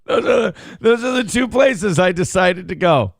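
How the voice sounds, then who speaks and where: A man's voice: high voice, lively intonation, normal speed, gravelly, no echo. A man hosting a casual morning talk show, rambling and self-deprecating as he reads viewer messages aloud. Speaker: show host.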